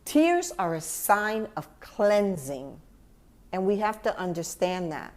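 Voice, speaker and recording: A woman hosting a podcast, speaking gently and from the heart to the listener as a grieving mother reflecting on loss. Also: mid-range voice, sing-song, slow pace. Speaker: podcast host. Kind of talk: personal reflective monologue.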